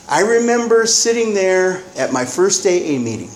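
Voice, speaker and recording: Blunt, rambling man with a higher voice. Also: lively intonation, normal speed, hardly any pauses, a little hiss or hum. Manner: rambling, blunt storytelling with profanity. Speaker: recovering alcoholic sharing at a meeting. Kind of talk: candid personal testimony.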